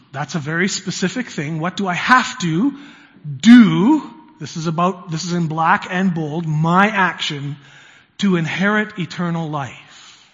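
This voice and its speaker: A man's voice: on the high side, fairly bright tone. A male pastor preaching a conversational sermon, swelling to emphasis on key words in a church sanctuary. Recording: reverberant, muffled church hall sound.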